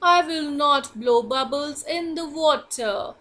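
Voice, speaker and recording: A gentle, apologetic storybook hippo, voiced by a woman teacher. She speaks slowly and softly. Her voice is bright and clear. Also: high voice.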